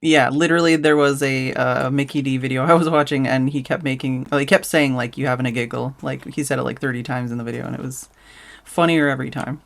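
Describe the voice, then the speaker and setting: A woman's voice: a bass voice, fairly even intonation, fast, vocal fry. A woman streamer chatting casually on a live stream, rambling and giggly, full of fillers and restarts. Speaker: streamer host.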